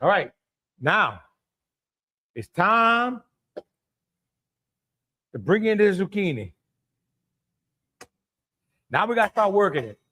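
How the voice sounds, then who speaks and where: A man's voice: high voice, big pitch swings, a little slow, pauses often, fairly bright tone, slightly rough. A middle-aged man with a Cajun accent hosting a live cooking stream, talking in a folksy way and greeting viewers by name. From Louisiana. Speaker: cooking show host.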